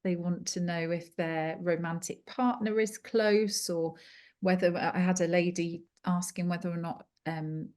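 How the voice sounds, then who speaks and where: A woman being interviewed as a clairvoyant guest over a video call, talking in a chatty, animated storytelling way. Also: fairly low pitch, unhurried. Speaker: clairvoyant and angel card reader guest.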